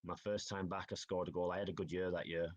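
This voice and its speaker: A man's voice: deep voice, level tone, fast talker. A man, a hockey player telling stories in a casual podcast interview. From Northeast England. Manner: chatty storytelling, says "aye" and "like". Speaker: ice hockey player guest.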